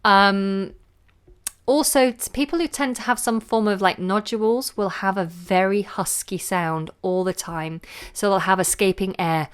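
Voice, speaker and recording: A woman, a singing teacher answering viewer questions in a relaxed, chatty way on a live stream. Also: medium pitch, a little slow, smooth. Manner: relaxed, chatty, demonstrates sounds with her voice.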